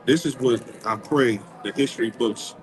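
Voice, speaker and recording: A man's voice: medium pitch, moderate pace, a crowd in the background, rough recording. A man being interviewed as a community organizer, talking in an emphatic, preacher-like way and repeating his phrases. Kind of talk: impassioned street interview.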